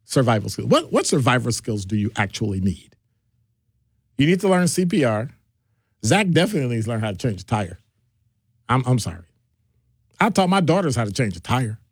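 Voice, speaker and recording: Animated male radio talk host. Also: medium pitch, husky, dry recording, studio quality. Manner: animated, jumps between topics, playful asides.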